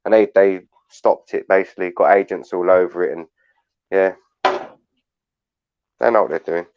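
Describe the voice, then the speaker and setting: A man's voice: low voice, normal speed. A man hosting a live panel chat, rambling bluntly and swearing. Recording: dull lo-fi online audio.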